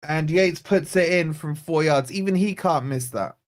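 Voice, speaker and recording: A man's voice: on the high side, normal speed. Blunt, exasperated man. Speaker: fan channel host. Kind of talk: live football watch-along commentary.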